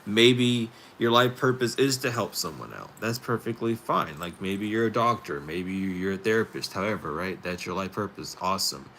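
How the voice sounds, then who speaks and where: A man hosting a spiritual talk stream, rambling casually with many fillers and pauses. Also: on the low side, expressive, pushed and bright, slight background noise. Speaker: tarot stream host.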